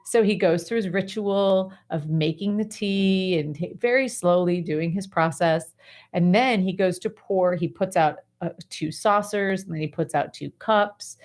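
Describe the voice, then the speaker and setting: A woman with a slightly low voice hosts a talk show and coaches a guest. She explains in an animated, conversational way, full of "like" and "right". She sounds casual and encouraging. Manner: animated, chatty explaining with many fillers. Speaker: host and life coach.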